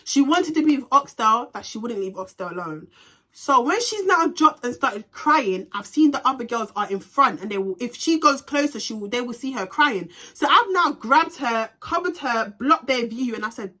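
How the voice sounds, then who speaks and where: Young woman vlogger, fired-up storyteller, sharp bright tone, swears freely and mixes in Jamaican patois slang. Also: on the high side, normal speed. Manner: animated, ranting, heavy swearing. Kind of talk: storytime vlog.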